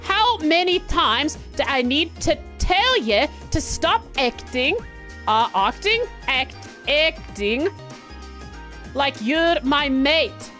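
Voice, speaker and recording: A sassy schoolgirl with an attitude and an attempted Scottish accent, put on by a woman. The voice sits high and swoops widely, and the lines come out slow and halting, with faint music playing underneath. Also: animated, pushed and bright, heavily acted.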